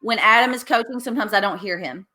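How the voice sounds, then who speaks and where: A woman's voice: mid-range voice, fast talker, pushed and bright. A woman hosting a casual chat, asking questions with lots of fillers and restarts. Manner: curious, asks questions with frequent fillers. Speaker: host.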